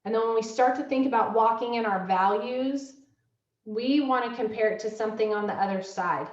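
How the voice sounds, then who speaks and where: A woman's voice: a little high, a little fast. A middle-aged woman, a school counseling director giving an online workshop to parents. She talks in a conversational way with many fillers and acts out parent-child dialogue. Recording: dull, roomy, distant laptop audio.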